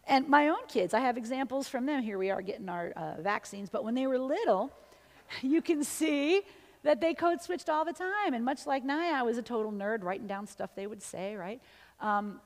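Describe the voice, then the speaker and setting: A woman's voice: fairly high pitch, normal speed. Woman, linguist, conversational lecture, mixes English and Spanish, tag questions, long hall reverb. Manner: lively, often ends points with "okay?" or "right?"; switches between English and Spanish. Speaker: linguist giving a symposium talk.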